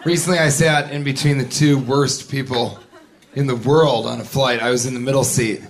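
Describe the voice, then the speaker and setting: A man doing a stand-up comedy set, telling a story in a deadpan way and now and then breaking into a shrill put-on voice. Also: moderate pace. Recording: live club recording with audience and noise. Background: audience laughter.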